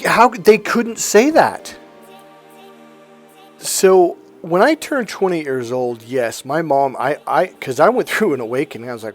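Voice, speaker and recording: A man's voice: on the high side, very animated, moderate pace, faint music behind. A middle-aged man talking bluntly and with profanity to camera as a self-help coach, acting out what family members said. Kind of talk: casual monologue to camera.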